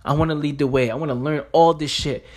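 Fired-up New man, slightly high voice. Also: fairly even intonation, fast. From New York. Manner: emphatic, street slang, repeats phrases. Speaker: podcast host. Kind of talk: motivational podcast monologue.

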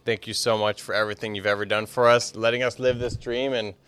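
A man with a low but bright voice talks on a casual podcast, relaxed and joking, with some swearing. The sound is dry and close. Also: quick pace, clean tone, dry recording. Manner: laid-back, joking, swearing. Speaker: podcast co-host.

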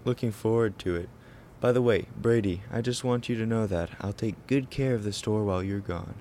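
A man's voice: lowish voice, brisk, a little mellow, slight background noise, close to an everyday voice. A man playing a smug agent who taunts a captured villain.

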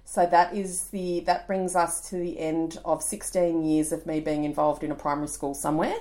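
A woman's voice: low voice, normal speed. A woman in her forties with an Australian accent, co-hosting a podcast and telling a story in casual chat. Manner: animated storytelling, laughing, acting out voices. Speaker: podcast co-host.

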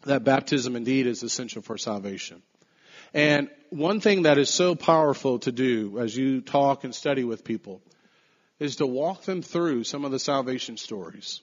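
A man preaching an earnest, emphatic podcast sermon, slowing down to stress key phrases. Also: medium pitch, muffled recording.

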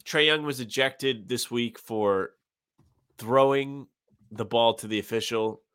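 A man's voice: mid-range voice, slow pace, a bit bright, clear, resonant tone, no echo. A man co-hosting a casual sports podcast over a remote call, riffing with dry, wry sarcasm. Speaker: podcast co-host. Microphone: remote call, muted at times.

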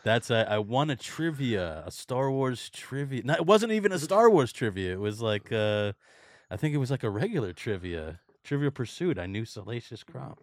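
A man hosts a podcast in casual chat, joking and swearing. His pitch moves a lot, and the sound is dry and close. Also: sing-song, moderate pace, no echo. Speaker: podcast host.

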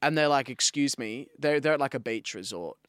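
A man's voice: mid-range voice, expressive, fast talker, a bit bright, clean tone, no echo. A man co-hosting a casual podcast chat, retelling stories with quoted voices and casual swearing. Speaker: podcast co-host.

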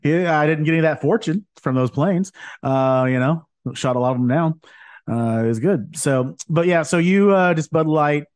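A man's voice: on the high side, moderate pace, no room sound. Rambling laid-back man chatting. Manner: rambling, laughs often. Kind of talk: casual chat.

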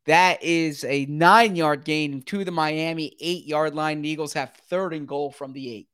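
A man calling football play-by-play in a brisk, running commentary style that climbs quickly when big plays happen. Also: fairly high pitch, clear, resonant tone, no room sound, clean studio sound. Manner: brisk, rising sharply with excitement at big plays. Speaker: play-by-play announcer.

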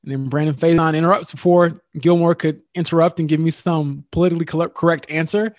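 Animated male sports reporter, higher-pitched, dry close sound. Podcast chat. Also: fast, no echo. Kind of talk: casual sports talk.

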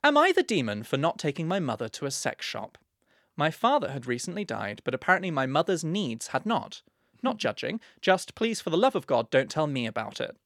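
A man's voice: fairly high pitch, very animated, a little fast, fairly bright tone, no room sound, studio quality. A young man co-hosting a podcast, reading listener letters in a camp, playful way. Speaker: podcast co-host.

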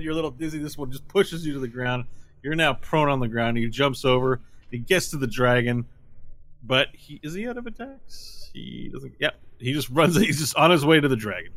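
Bright-voiced man running a tabletop game. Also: mid-range voice, expressive, fairly quick, no room sound. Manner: casual, laughing easily, frequent fillers. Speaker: game master.

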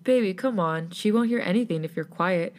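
A woman's voice: brisk, slight background noise, natural voice. A teasing, commanding young boyfriend, read by a woman. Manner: low, murmured, coaxing.

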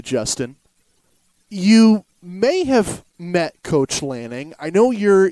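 Guy with a higher voice hosting a sports podcast, chatty, bit hesitant, dry close sound. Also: darkish tone, no echo. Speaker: podcast host. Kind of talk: casual sports podcast chat.

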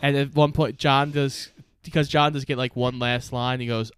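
Young male podcast co-host, plot-recap storyteller, smooth voice, dry mic. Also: mid-range voice, little pitch movement, moderate pace, fairly bright tone, dry recording. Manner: plot-summarizing storyteller, acts out quotes. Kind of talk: casual movie recap chat.

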